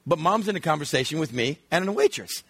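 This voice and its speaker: High-voiced, husky male pastor preaching. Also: fast talker, no room sound. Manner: animated storytelling, acts out his kids' voices. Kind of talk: sermon with family stories.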